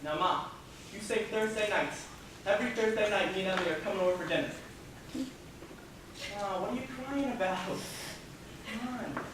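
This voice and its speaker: A man's voice: high voice, moderate pace, long pauses, close to an everyday voice. A young man playing an anxious groom who pleads with his mother before the wedding, in a stage play. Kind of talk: stage acting. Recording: echoey hall, distant mic, noisy.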